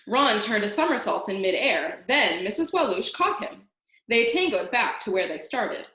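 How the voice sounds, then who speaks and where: A woman reading a children's book aloud, animated and singing out the sound effects. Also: medium pitch, moderate pace. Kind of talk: read-aloud storytelling. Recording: roomy echo.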